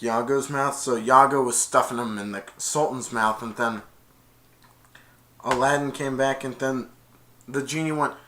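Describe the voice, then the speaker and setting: A man's voice: medium pitch, steady tone, unhurried, long pauses, sharp tone, a little hiss or hum. A man retelling a movie plot in a casual, rambling way, stringing events with "and then". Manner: rambling, many "and then" restarts. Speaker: movie reviewer.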